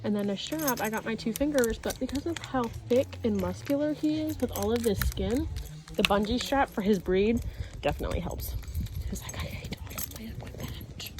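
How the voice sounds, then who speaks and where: In an outdoor yard, a dog trainer talks expressively and at a moderate pace during a training session. She alternates chatty explanations with sharp, high commands to her dog.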